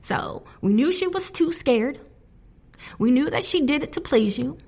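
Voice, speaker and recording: A woman hosting a music podcast alone, talking in a casual, animated way, laughing often and getting indignant. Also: high-pitched, measured pace, gravelly. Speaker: podcast host. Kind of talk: casual solo podcast commentary.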